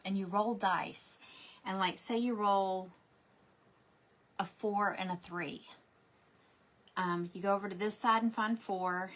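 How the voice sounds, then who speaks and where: A woman, chatting casually while she crafts, rambling through stories with lots of fillers and restarts. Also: medium pitch. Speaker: crafting vlogger.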